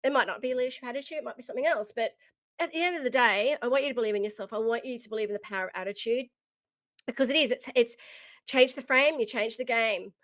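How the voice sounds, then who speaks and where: Middle-aged woman podcast coach, kinda high voice, heartfelt, repeats herself for emphasis, dry close sound. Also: fast, fairly bright tone, no echo. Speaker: leadership coach and podcast host. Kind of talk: motivational podcast monologue.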